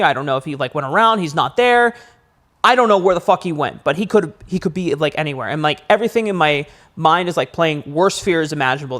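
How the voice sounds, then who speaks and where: Animated young man telling a story. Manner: animated storyteller, rises high acting out panic. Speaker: podcast co-host. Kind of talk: casual storytelling chat.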